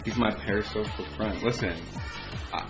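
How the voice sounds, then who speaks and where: A man's voice: on the low side, fairly even intonation, moderate pace. A young man telling a casual story, rambling with lots of filler words and frequent swearing. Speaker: vlogger. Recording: dull lo-fi recording with music behind.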